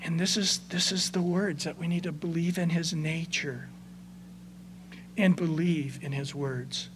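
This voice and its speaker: Pastor guy preaching, kinda high voice, goes soft then punchy, faint hum behind. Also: fairly even intonation, a little slow. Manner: conversational, swings between soft and emphatic. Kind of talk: sermon.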